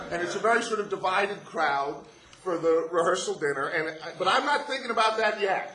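A man with a high, bright voice tells a comic story, dry and chatty, stacking detail after detail. The sound is roomy, with an echo that hangs in the hall. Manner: chatty, builds up the joke with deadpan detail.

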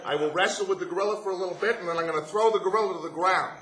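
A man voicing a burly gorilla exterminator in a joke, laying out his plan calmly, step by step. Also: high-pitched, rapid-fire, reverberant. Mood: matter-of-fact. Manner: calm, step-by-step explaining. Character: burly, matter-of-fact male gorilla exterminator.

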